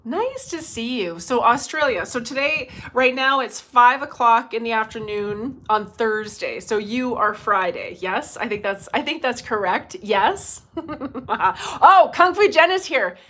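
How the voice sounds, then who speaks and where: A woman's voice: fairly high pitch, lively intonation, measured pace, sharp tone. A middle-aged woman hosting a casual livestream as a medium, chatty and laughing often as she greets viewers by name, speaking into her phone.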